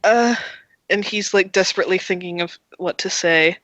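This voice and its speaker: A game master narrating a streamed tabletop game, talking in a halting way with restarts and laughs. The voice is bright and a bit sharp, and the sound is dry and close on a home mic. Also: medium pitch, level tone, no echo, poor audio.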